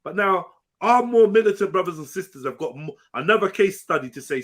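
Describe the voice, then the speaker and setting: A man's voice: high-pitched, expressive, brisk, fairly bright tone. A man, ranting angrily and swearing on a live panel show. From England. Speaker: panel host. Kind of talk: heated live panel discussion.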